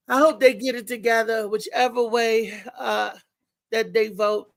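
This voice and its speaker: A woman hosting a live morning show, chatting in a rambling, animated way, repeating herself and acting out what others said. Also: on the high side, measured pace, vocal fry, no room sound. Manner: rambling, animated retelling with many repeats and acted-out quotes. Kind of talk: casual live-stream commentary.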